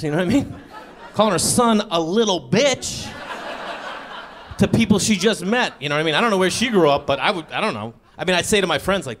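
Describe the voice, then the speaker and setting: Stand-up comic, man in his 30s, high voice, fast outbursts of disbelief. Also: a little hiss or hum. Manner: excitable, jumps into loud incredulous outbursts. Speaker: stand-up comedian. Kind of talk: stand-up comedy. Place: comedy stage before a live audience.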